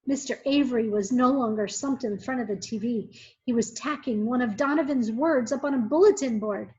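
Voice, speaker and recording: A woman teacher reading a children's book aloud in an expressive, measured way. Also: fairly high pitch. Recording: muffled lo-fi recording.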